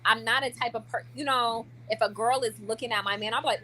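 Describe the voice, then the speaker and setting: Brief: bright, forceful young woman, chatty vlogger, lots of fillers, faint ambience behind. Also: a little high, fairly quick, slight background noise. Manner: chatty and animated, many likes and restarts. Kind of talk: casual chat to camera.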